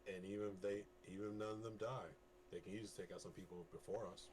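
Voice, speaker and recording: A man's voice: lowish voice, fairly even intonation, quick pace, a little mellow, slight background noise. A man speaking as a player in a tabletop game, blunt and wry. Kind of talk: in-character tabletop chat.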